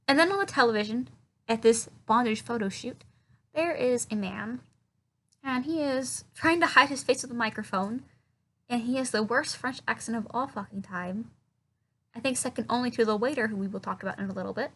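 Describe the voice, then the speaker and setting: Sarcastic woman reviewer with a profane recap delivery and a bright, slightly high voice. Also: brisk. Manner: sarcastic, profane, mocking movie dialogue in silly voices. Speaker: film reviewer. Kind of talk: casual comedic film recap.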